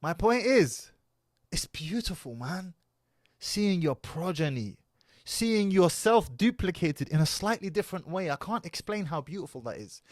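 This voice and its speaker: A man's voice: high-pitched, sing-song, measured pace, no echo, studio quality. A man, giving casual, emphatic commentary as a reaction video host. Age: 30s. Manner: emphatic, preachy.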